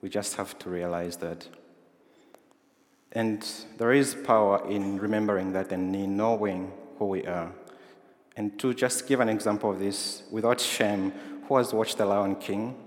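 A man's voice: on the low side, steady tone, unhurried. A man preaching a sermon in a conversational way, asking his listeners questions. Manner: conversational, asks the congregation questions. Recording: roomy hall with long reverb.

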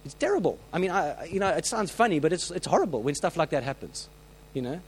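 A man preaching a sermon, telling stories with lively acted-out voices and frequent restarts. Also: on the high side, fast, slightly rough, low-quality recording. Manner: animated storytelling, acts out quoted voices; many restarts and filler words.

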